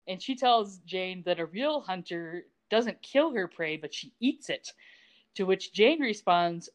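A woman with a medium-pitched voice speaks slowly as she co-hosts a podcast, recapping a TV episode in casual chat. She's animated and sarcastic, tossing in asides and laughing often.

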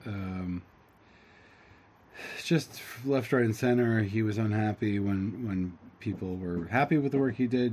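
A man teaching, reading a story aloud and translating it line by line, halting often with fillers and restarts. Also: fairly low pitch, darkish tone, slight background noise. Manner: halting, with fillers and self-corrections.

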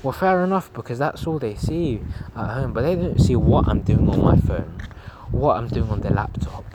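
A man's voice: medium pitch, moderate pace. A young man in his late teens hosting a solo motivational podcast from home at night, talking in an earnest, rambling and encouraging way. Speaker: podcast host. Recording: steady background noise.

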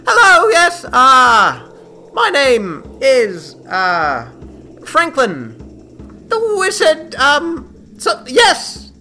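A man voicing an eccentric, giggly male wizard in a tabletop game, with a shrill, cackling voice and a manic, scattered delivery. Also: huge pitch swings, extremely slow, pushed and bright, slight background noise, full character voice. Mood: manic welcoming.

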